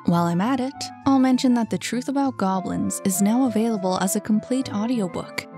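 A woman author narrating her own story in a soft, hushed reading voice. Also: fairly high pitch, a little fast, music in the background.

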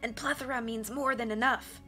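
A woman voicing a poisoned, bookish teenage boy whose voice comes out rough and wheezy. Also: on the high side, steady tone, brisk, pushed and bright, faint music behind. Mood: wheezy, strained.

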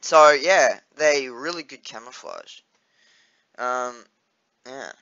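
A man's voice: mid-range voice, lively intonation, slow, bright, forceful tone, highs cut off. A young Australian man chatting casually in a vlog, rambling with lots of fillers and restarts and swearing freely. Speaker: vlogger.

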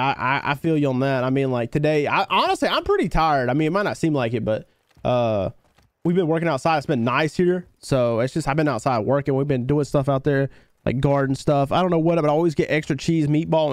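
A man's voice: on the high side, no echo, studio quality. A man streaming a game live, chatting casually and thanking viewers by name. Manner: laid-back, thanks viewers by name, calls them brother. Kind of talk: casual gaming livestream chat.

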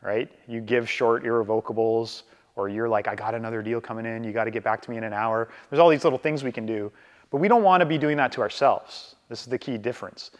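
Canadian man training agents, echoing room. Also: mid-range voice. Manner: conversational, keeps checking in with "right?"; slows down deliberately to model calm. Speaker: real estate trainer. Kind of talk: live training talk.

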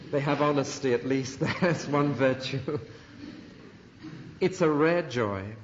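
A middle-aged man preaching a sermon, earnest and emphatic, with dramatic pauses. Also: medium pitch, a little hiss or hum. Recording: dull archival sermon recording in a reverberant hall.

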